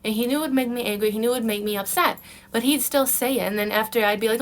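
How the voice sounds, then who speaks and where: A woman's voice: on the high side, racing. A young woman talking casually in a dating advice vlog, emphatic and repetitive, calling the viewer honey. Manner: emphatic, repeats herself, calls the viewer honey. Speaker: vlogger giving dating advice.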